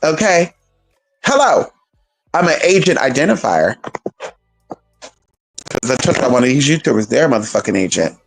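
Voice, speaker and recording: A man's voice: mid-range voice, very animated, moderate pace, vocal fry, long pauses, soft background music. A man hosting his channel, ranting in a sassy, profane, swooping and emphatic way. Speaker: channel host. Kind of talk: casual rant to camera.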